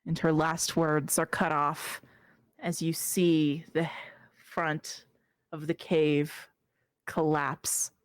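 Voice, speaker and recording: A woman narrating as game master of a tabletop game, measured with small hesitations. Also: deep voice, flat delivery, no room sound, clean studio sound.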